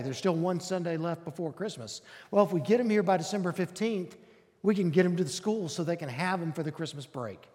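A man's voice: on the high side, darkish tone. A man, a pastor making an earnest, inviting announcement to his congregation in a church sanctuary. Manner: earnest, inviting, emphatic repetition. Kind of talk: announcement from the pulpit. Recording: long hall reverb.

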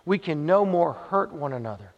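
A man's voice: on the high side, animated, normal speed. A male pastor preaching a sermon, telling a story and returning to short repeated refrains for emphasis. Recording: dull sound with long hall reverb.

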